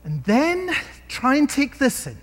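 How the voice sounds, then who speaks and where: A male preacher with a high, lively voice delivers a sermon, full of rhetorical questions and dramatic pauses. His voice carries a long reverb, as if he were in a large hall.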